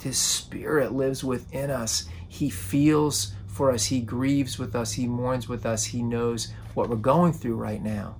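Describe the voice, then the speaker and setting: A man's voice: medium pitch, creaky, a little hiss or hum. A man preaching a sermon, earnest and often repeating words as he starts a phrase. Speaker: pastor.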